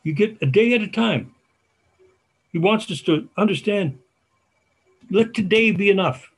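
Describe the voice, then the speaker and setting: An older man preaching a sermon as a church elder, folksy and halting, with restarts and asides. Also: high voice, expressive, breathy edge.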